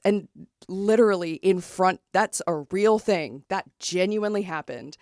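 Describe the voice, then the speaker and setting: A woman's voice: medium pitch, unhurried, dry recording, studio quality. A woman co-hosting a podcast, retelling a story in casual chat with lots of fillers and emphasis. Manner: animated retelling with many fillers. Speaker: podcast co-host.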